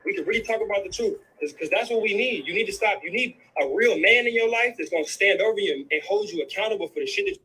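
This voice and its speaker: A man's voice: high-pitched, lively intonation, quick pace, few pauses, bright, forceful tone, rough recording. A man in a heated, profane rant, angry and repeating himself, tossing in "bro" again and again. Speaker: guest in a livestream clip.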